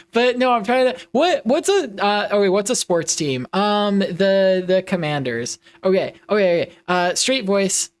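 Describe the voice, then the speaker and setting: A young adult streamer chats casually over a game, full of giggles and restarts. The voice swoops up and down in a lively, animated way at a middling pitch. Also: measured pace, clean tone. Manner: giggly, playful, rambling with many restarts. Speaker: live streamer. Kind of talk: casual live-stream chat while playing.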